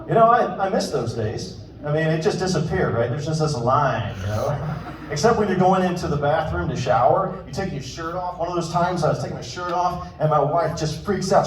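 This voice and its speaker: A man's voice: fairly high pitch, expressive, moderate pace, background noise. A man in his fifties doing self-deprecating stand-up storytelling on stage, acting out quoted voices. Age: 50s. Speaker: stand-up comedian opening a show. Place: stage in a hall with a live audience. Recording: echoey hall, mic heard from a distance. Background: audience laughter and room ambience.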